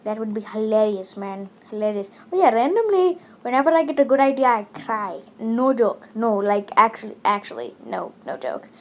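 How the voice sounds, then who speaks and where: A woman's voice: a little high, lively intonation, normal speed, few pauses, darkish tone. A woman from India chatting casually as she comments on a game, rambling with many fillers. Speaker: gaming channel host.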